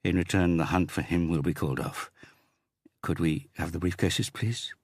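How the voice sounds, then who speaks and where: A man voicing an older police chief inspector who talks in a measured, hushed way. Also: sits low, fairly even intonation, breathy edge, dry recording, clean studio sound.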